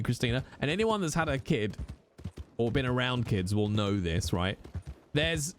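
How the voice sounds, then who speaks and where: Man, streamer, animated casual chat, swings in pitch, mid-range voice. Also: a little hiss or hum. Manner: animated, jokey, teasing chat and swearing.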